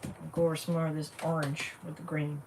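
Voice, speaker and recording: A chatty crafter livestreams a project, a woman with a deep voice and little pitch movement who talks fast. She thinks aloud as she works, chatting casually. She sits a bit off-mic, so her voice sounds distant, with faint noise.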